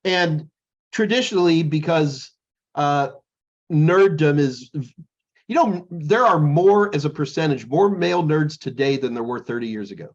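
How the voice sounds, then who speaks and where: A man's voice: a little high, measured pace, highs cut off. A middle-aged man co-hosting a casual chat, rambling and joking as he tells stories. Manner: rambling, jokey, animated storytelling. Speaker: podcast co-host.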